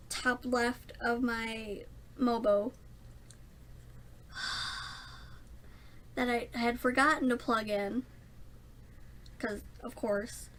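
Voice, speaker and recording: A young woman rambling through a casual storytime vlog, self-mocking and laughing often. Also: on the high side. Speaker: vlogger.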